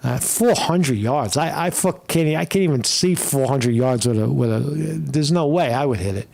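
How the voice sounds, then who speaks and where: A man talks through a live stream in a loose, rambling way, swearing now and then and tacking "right?" onto his points. His voice sits at an ordinary middle pitch. He reads out viewer questions and answers them off the cuff. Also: moderate pace, vocal fry, darkish tone. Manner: rambling, profane, keeps asking "right?". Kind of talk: casual live commentary.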